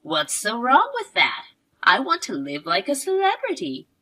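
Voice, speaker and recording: A selfish, greedy older mother-in-law, put on by a woman storyteller, whines and begs in a slightly lowered voice. Her tone stays husky and breathy, swinging widely in pitch. The delivery is unhurried and self-pitying. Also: huge pitch swings, bright, forceful tone, heavily acted. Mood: defensive. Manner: pleading, whiny, self-pitying.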